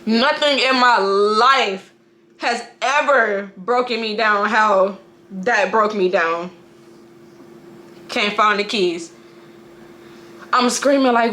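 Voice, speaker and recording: Bright-voiced woman telling a painful story. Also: mid-range voice, slight background noise. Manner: halting, emotional storytelling with frequent restarts and profanity. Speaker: mother. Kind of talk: personal testimony to camera.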